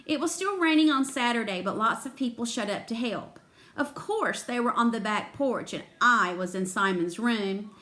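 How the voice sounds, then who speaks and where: Woman reader for a children's story, fairly high, very lively voice. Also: moderate pace. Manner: expressive, voices the characters. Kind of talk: reading a children's book aloud.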